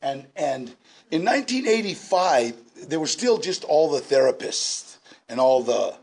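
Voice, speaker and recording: A man in his sixties telling his story at a recovery meeting, animated and laughing, with shouted bursts. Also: fairly high pitch, a little slow, breathy edge. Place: large indoor meeting room.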